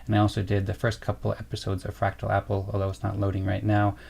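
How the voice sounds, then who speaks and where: A man's voice: fairly low pitch, completely flat delivery, fast talker, vocal fry, a little mellow. A young man co-hosting a livestream in a casual, rambling way, reading chat comments aloud and going on about grants. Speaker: co-host of a livestream.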